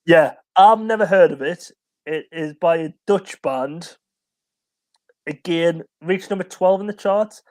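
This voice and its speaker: Chatty, giggly, high-voiced man. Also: measured pace, darkish tone. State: tired. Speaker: co-host of a music live stream. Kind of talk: casual chat.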